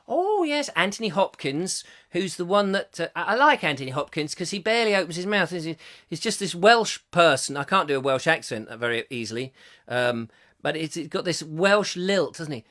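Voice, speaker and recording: English male host, bright higher voice, rambling jokey chat. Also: sing-song, fairly quick. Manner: rambling, jokey, reads viewer comments aloud. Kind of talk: casual live-stream chat.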